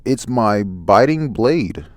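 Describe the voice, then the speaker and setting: Man doing a cold villain captain, slow drawn-out menace, low voice. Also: animated, no echo. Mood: menacing calm.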